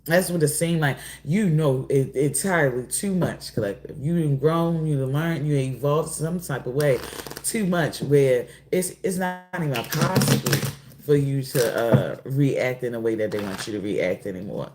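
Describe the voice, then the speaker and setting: A woman doing a casual oracle card reading, drawling and rambling, often pausing to apologize. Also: rumbling low, background noise. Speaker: tarot reader.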